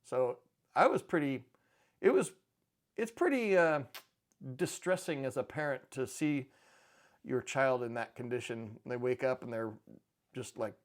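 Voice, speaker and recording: Middle-aged man, mid-pitched, loose rambling vlog talk with dry offhand jokes. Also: lively intonation, unhurried, long pauses. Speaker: precious metals channel host. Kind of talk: casual chat to camera.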